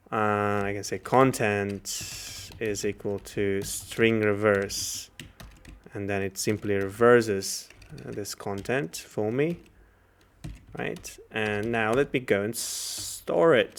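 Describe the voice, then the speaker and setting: A man's voice: on the low side, vocal fry. A man lecturing while he writes code live, thinking aloud with frequent fillers and self-corrections.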